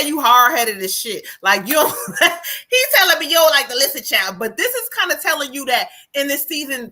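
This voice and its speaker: Jersey woman doing a live psychic reading, bright voice, cussing a lot, animated. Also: high voice. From New Jersey. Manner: blunt, profane, animated. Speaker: psychic medium.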